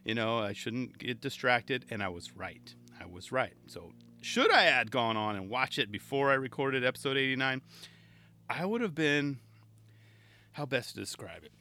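Speaking at a normal speed, this male podcast host sounds bright and forceful, his medium pitch full of animation. Alone at the mic, he chats casually and eagerly, rambling and frequently cutting himself off to start over.

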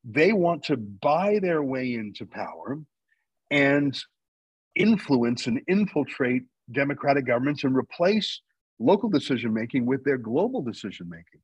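Guest spot: husky, dry-sounding man from Canada, opinionated, presses his points hard. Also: medium pitch, sing-song, moderate pace, no echo, dull audio. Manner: argumentative, emphatic, builds points with rhetorical questions. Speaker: guest, news company founder. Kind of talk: radio interview talk.

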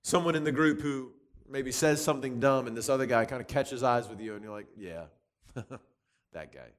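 A man giving a conversational sermon, lively and chatty, often restarting with repeated words. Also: medium pitch, fairly quick. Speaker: youth speaker teaching from Proverbs.

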